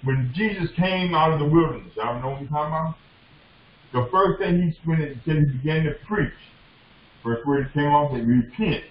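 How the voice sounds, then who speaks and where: A man's voice: a little high, normal speed. A man preaching a sermon as a bishop, impassioned and repetitive, often calling out to the congregation. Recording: echoey dull lo-fi room recording.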